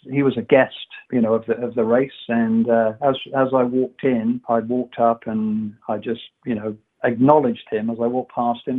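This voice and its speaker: A man, a guest, telling rambling, animated stories and doing other people's voices. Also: mid-range voice. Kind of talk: casual anecdote telling. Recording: tinny phone line.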